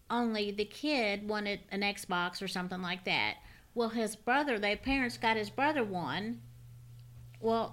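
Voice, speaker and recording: A woman's voice: medium pitch, fairly bright tone. A woman, chatting casually as a podcast co-host. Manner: chatty, exclaiming. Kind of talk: casual chat.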